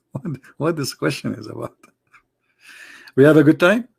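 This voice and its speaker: Hosting a live debate stream, an Arab man with an Arabic accent speaks slowly and expressively in a high-leaning, darkish, slightly rough voice with vocal fry. His casual talk mocks and fires rhetorical questions in loose, broken English studded with "like" and "brother".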